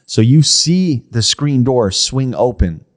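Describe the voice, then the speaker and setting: A man's voice: mid-range voice, lively intonation, slow pace. A man co-hosting a comedy podcast, telling a story casually and often saying "like" and "right?". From New Jersey, USA. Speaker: podcast co-host. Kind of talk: casual chat.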